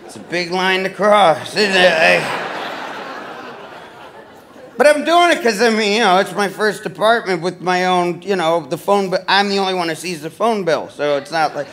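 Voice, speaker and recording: A man's voice: high-pitched, moderate pace, a bit bright, some chatter behind. A man doing a stand-up comedy set in a club, rambling and self-deprecating, full of fillers and restarts.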